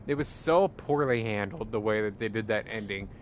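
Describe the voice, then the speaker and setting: A man chatting casually, rambling and swearing, full of fillers and getting excited as he talks. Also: lowish voice, normal speed, a little hiss or hum. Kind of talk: casual chat.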